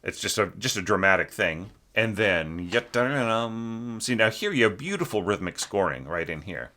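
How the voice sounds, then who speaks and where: A deep-voiced man gives a relaxed spoken critique of an orchestration score, leaning on fillers as he thinks aloud. His tone is bright and forceful, and he breaks into sung phrases to make his points. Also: normal speed. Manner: sings musical phrases to illustrate, many fillers. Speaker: orchestration teacher reviewing a student score.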